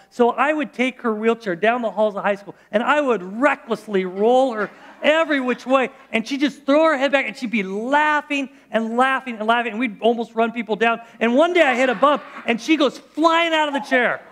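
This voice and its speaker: A man's voice: extremely high pitch, a bit bright. A middle-aged male pastor preaching a sermon in church, conversational and storytelling, with frequent restarts.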